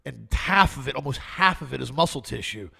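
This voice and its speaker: A man's voice: medium pitch, lively intonation, fairly quick, creaky, bright, forceful tone, slightly rough. A man co-hosting a talk show, chatting in a casual way and telling stories about his own life. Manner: conversational, anecdotal. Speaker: co-host.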